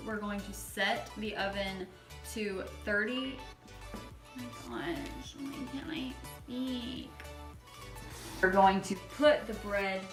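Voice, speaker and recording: A woman's voice: mid-range voice, fairly bright tone. A young woman in her home kitchen, chatting casually through a baking vlog, playful and self-deprecating, tripping over her words, with faint music behind. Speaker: home baker vlogger.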